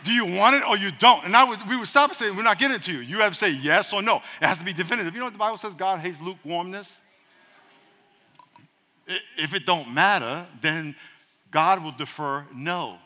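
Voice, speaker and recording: A man's voice: high voice, lively intonation, fairly quick, pushed and bright, in a large hall. A man preaching a sermon as pastor, calling on the congregation to repeat after him, with playful asides. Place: church.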